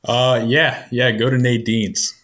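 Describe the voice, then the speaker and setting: A man in casual chat, giving relaxed, brief recommendations. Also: medium pitch, slow.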